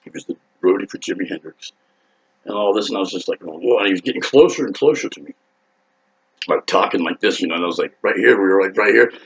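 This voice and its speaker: Gravelly man rambling through a rowdy story. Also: deep voice, quick pace, muffled recording. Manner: excitable, profane, acts out quotes loudly. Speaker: rock singer telling a story.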